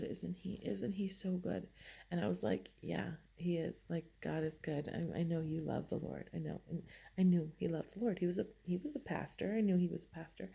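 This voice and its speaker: Slow, gravelly-voiced woman telling a story. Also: lowish voice, warm tone. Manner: hesitant, rambling, many fillers and restarts. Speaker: vlogger. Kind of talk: casual personal storytelling.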